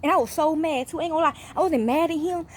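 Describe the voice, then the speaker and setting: A woman with a high voice tells a long, winding story to her subscribers. She swears freely, circles back over her own words, and keeps checking in with her listeners. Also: fast, a little hiss or hum. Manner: profane, repetitive, often checks in with 'okay?'. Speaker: channel host. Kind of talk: rambling casual monologue to viewers.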